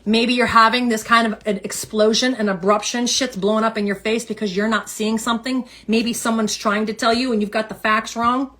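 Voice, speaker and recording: A woman giving a casual tarot reading, animated and emphatic, repeating phrases for effect. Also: a little high, a little fast, hardly any pauses. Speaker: tarot reader.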